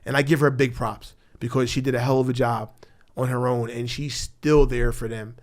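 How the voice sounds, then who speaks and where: A man's voice: flat delivery, moderate pace. Blunt, profane middle-aged Philadelphia man. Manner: blunt, profane, emotional; grows loud when angry, drops low and quiet when tender. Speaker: podcast guest. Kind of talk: candid storytelling interview. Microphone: studio mic.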